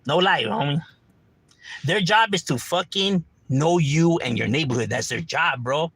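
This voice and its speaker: A man's voice: medium pitch, fairly bright tone, husky, no room sound, low-quality recording. A man telling street stories in casual, slangy, profane chat on a livestream.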